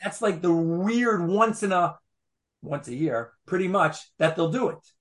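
A Torah teacher gives an explanatory class lecture to a study group at an easy, unhurried pace. His voice sits a touch high, and he patiently comes back to his points, repeating phrases and adding small asides.

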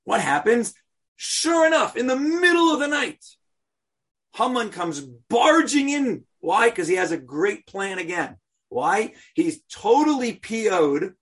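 A man tells a story to teach, lively and playful, with rhetorical questions and slang. His voice sits high and husky. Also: takes it slowly. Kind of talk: animated storytelling lesson.

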